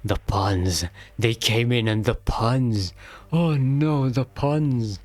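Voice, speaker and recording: A man's voice: mid-range voice, very slow, pauses often, darkish tone, soft background music. A man streaming a game and commenting casually, rambling and joking and laughing often.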